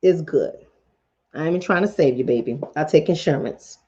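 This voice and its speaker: A woman's voice: sits low, normal speed, warm tone, lo-fi sound. A woman hosting a mental health livestream in casual chat, blunt and profane, talking straight to her viewers. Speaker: mental health talk show host.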